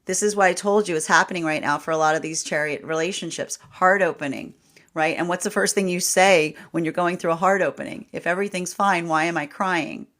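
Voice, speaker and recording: Animated woman giving a tarot reading. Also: fairly low pitch. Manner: animated, repeats "right?", laughs often. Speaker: tarot reader. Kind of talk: live tarot reading stream.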